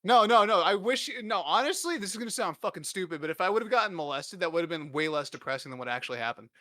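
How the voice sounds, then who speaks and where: A man's voice: sits high, lively intonation, quick pace, bright, forceful tone, no echo, studio quality. A man in his twenties hosting a podcast, telling rambling, profane, self-deprecating stories in a casual comedic way. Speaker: podcast host.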